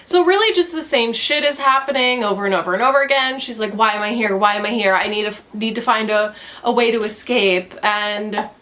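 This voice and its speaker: A young woman with a slightly high voice vlogs a casual, sarcastic book rant from her home. She rambles and leans on fillers as she thinks out loud. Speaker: book vlogger.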